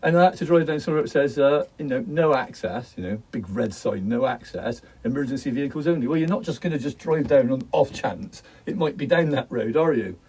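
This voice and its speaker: Rambling man, husky and mellow. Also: fairly high pitch, lively intonation, a little fast, few pauses, distant mic, poor audio. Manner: jokey, laughs often, wanders off topic. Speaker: vlogger. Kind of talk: rambling casual monologue.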